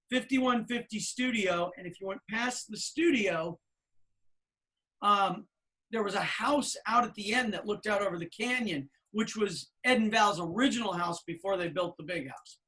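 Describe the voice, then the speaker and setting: A man in his fifties, a podcast co-host, telling anecdotes in a casual, animated way with plenty of fillers. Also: high voice, normal speed. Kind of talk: casual storytelling chat.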